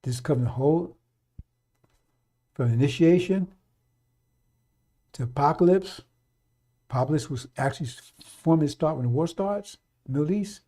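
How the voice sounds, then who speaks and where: A man's voice: a little high, normal speed, pauses often, mellow. A middle-aged man giving a fiery, off-the-cuff radio sermon, blunt and profane, repeating his warnings over and over. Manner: blunt, profane, repetitive exhortation. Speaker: radio preacher.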